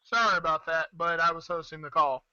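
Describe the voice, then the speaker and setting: Quick man on a lo-fi call. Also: a little high, crowd noise. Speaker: co-host joining the call. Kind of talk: casual chat.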